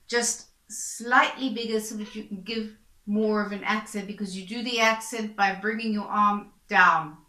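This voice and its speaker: A woman's voice: mid-range voice, bright, forceful tone, roomy sound, low-quality recording. A woman violin teacher patiently explaining bowing practice, repeating points and encouraging the student. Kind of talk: instructional explanation.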